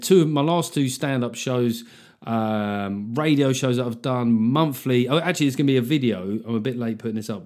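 A man's voice: mid-range voice, a little mellow. A man hosting his own podcast, talking through the week's news in a sweary, sarcastic, comic rant. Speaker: podcast host and comedian. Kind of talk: casual solo podcast monologue.

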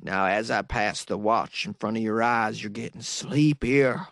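A man voicing a blustering middle-aged sheriff, loud and mocking. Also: on the low side, unhurried, creaky, no room sound, clean studio sound, voice pushed down.

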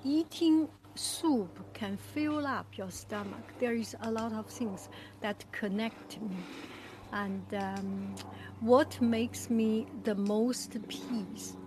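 A woman hosting a live stream, greeting viewers in an effusive, halting way with frequent fillers. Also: on the high side, noisy background. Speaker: livestream host.

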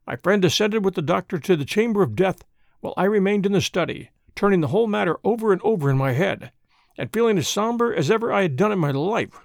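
A man reading a classic detective story aloud as an expressive, dramatic narrator. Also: high voice, fast talker, creaky, no echo, clean studio sound. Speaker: audiobook narrator.

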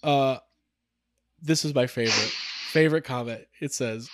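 A man's voice: medium pitch, moderate pace, no echo, studio quality. A man co-hosting a casual podcast, laughing as he reads online comments aloud in a mocking tone. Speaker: podcast co-host.

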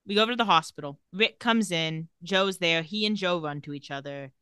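A woman's voice: on the low side, brisk, pushed and bright, clear, resonant tone, dry recording, clean studio sound. A woman co-hosting a podcast, recapping a TV episode in casual chat, candid and sardonic, swearing freely. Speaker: podcast co-host.

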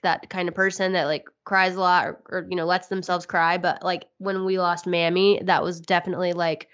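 A woman's voice: on the low side, little pitch movement, brisk, a bit bright, smooth. Earnest woman co-hosting a podcast. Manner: earnest, repeats herself. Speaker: podcast co-host. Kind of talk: casual chat.

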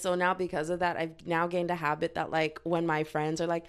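A woman's voice: fairly low pitch, steady tone, fairly quick, clear, resonant tone. A young woman talking candidly in a casual confessional vlog, rambling with lots of filler "like"s and self-mocking asides. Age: young adult. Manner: rambling, heavy use of "like", self-mocking outbursts. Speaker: vlogger. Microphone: own microphone.

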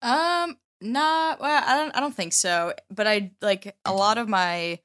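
A woman from upstate New York speaking hesitantly and softly in a casual chat. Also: mid-range voice, measured pace, no echo, clean studio sound. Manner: hesitant, soft-spoken.

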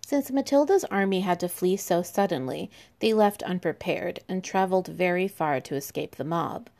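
A woman's voice: fairly low pitch, moderate pace, gravelly, a little mellow. A woman telling medieval history in an irreverent, sarcastic way, with profane asides. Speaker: history podcast host.

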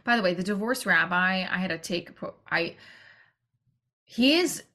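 A woman's voice: lowish voice, animated, unhurried, bright, forceful tone. Woman doing a chatty solo podcast, rambly, lots of asides and restarts. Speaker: podcast host and actor-comedian. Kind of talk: casual podcast monologue.

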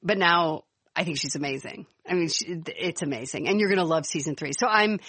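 A middle-aged woman co-hosting a podcast, telling stories in a lively, chatty way. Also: low voice, a little fast, no room sound. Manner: warm, animated storyteller, laughs easily. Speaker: podcast co-host. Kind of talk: casual chat.

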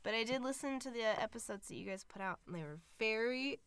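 Woman co-host, bright high-ish voice, playful chatter, swings in pitch. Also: lively intonation, quick pace, smooth, dry recording. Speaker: podcast co-host. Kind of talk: casual chat.

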